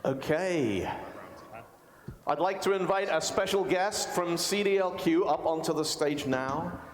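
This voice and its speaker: A man hosting a live awards show, announcing winners in a playful, quick-witted way. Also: fairly high pitch. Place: large indoor museum event hall. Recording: echoey hall with faint noise.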